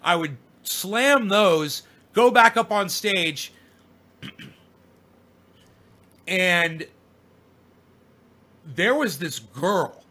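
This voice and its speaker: A man with a bright, forceful, somewhat high voice tells a long personal story straight to the camera. His talk is loose and profane, and he circles back and repeats himself as the memories come. The delivery is relaxed and casual, never scripted. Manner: rambling, profane, repeats himself while remembering. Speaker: vlogger telling a personal story.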